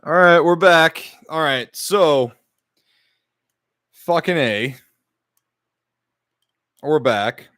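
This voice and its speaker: Frustrated swearing podcast host, dry sound. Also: male voice, a little high, very slow, long pauses, fairly bright tone, no echo. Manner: frustrated, swears often, talks to the live chat. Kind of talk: casual streamed podcast chat. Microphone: podcast microphone.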